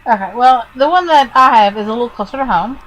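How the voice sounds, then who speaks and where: A woman from Kentucky co-hosting a casual podcast. She reads out odd news items with a playful, lightly teasing delivery, her voice a touch higher than most women's. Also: animated, fast talker, a bit bright, low-quality recording. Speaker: podcast co-host. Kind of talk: casual chat, reading news stories.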